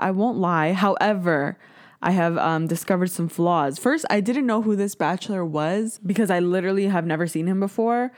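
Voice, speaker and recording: A woman's voice: on the low side, darkish tone. A woman in her twenties hosting a casual solo podcast, chatty and sarcastic, laughing at herself often. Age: 20s. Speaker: podcast host.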